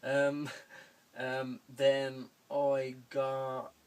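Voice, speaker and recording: Young bloke doing a q&a at home, slow drawl, keeps chuckling and swearing. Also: male voice, mid-range voice, completely flat delivery, a little mellow, clear, resonant tone. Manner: rambling, chuckling, casually swearing. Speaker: vlogger answering viewer questions. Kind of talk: casual Q&A video. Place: room at home.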